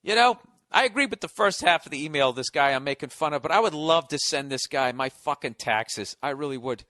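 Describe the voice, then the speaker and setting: A man's voice: a little high, animated, a little fast, bright, forceful tone, no echo. An American man hosting a podcast in a sarcastic, profane comedic rant, mocking and swearing freely. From United States. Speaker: podcast host. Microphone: studio podcast mic.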